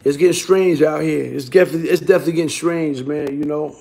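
A man from Brooklyn speaks in a raised, high register. He rambles in a raw street monologue, cursing freely and circling back with the same tag questions again and again. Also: steady tone, fast talker, vocal fry, warm tone. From Brooklyn, New York. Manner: streetwise, profane, repeats "you heard?" tags. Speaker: vlogger.

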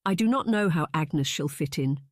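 An indignant young lady, as a man reads her in an audiobook speaks flatly and coolly, a little quieter than the narration. The sound is dry. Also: on the high side, normal speed, no echo, natural voice. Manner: flat, cool.

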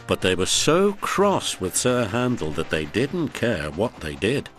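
A man narrating a children's story, slow and expressive. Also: on the low side, faint music behind.

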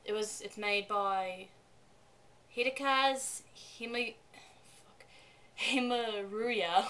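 A woman's voice: on the high side, slow, bright, forceful tone. A woman co-hosting a casual anime review in a chatty, rambling way, swearing now and then. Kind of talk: casual co-hosted review chat.

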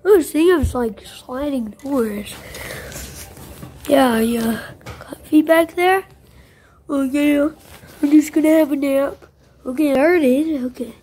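A young girl talks slowly through a playtime game with her toys, her voice high and wandering. The recording has steady background noise. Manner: rambling, playful, voices toys. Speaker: video maker playing with toys. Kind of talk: toy play narration. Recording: noisy home recording.

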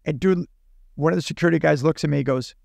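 Gravelly man telling a lively story. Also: fairly high pitch, no room sound, clean studio sound. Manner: animated, acts out dialogue in quick bursts. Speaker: podcast guest. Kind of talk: casual storytelling.

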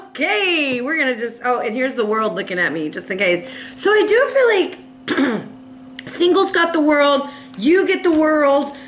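A high-pitched woman giving a playful, chatty tarot reading, acting out quick voices for the cards. She laughs often and coughs now and then. The room is echoey, with a faint hum behind her. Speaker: tarot reader.

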